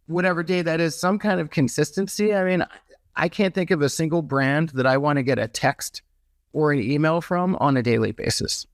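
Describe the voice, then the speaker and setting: A man's voice: fairly high pitch, a little fast, no room sound, clean studio sound. A man speaking as a podcast guest in casual conversation, talking loosely with frequent restarts. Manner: conversational, many restarts and hedges. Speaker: podcast guest, merch business owner.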